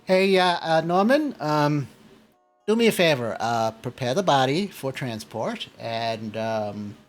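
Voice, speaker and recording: A man voicing a grumpy male wizard who keeps apprentices, talking in a gruff, threatening way. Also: mid-range voice, big pitch swings, slow pace, faint music behind. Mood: weary.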